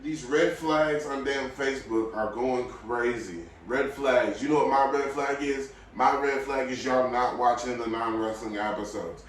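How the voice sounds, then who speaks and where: A man's voice: fairly even intonation, a little slow, hardly any pauses. Blunt man ranting in an echoey room. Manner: blunt, opinionated, swings between low mutters and loud outbursts. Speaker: podcast host. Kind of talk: casual solo podcast rant. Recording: very echoey room, mic at a distance.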